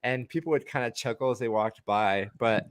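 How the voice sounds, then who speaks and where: A man's voice: mid-range voice, moderate pace, no room sound. A young man co-hosting a livestream in a laid-back, dry manner, laughing along with his partner. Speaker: livestream co-host, crystal maker. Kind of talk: casual livestream chat.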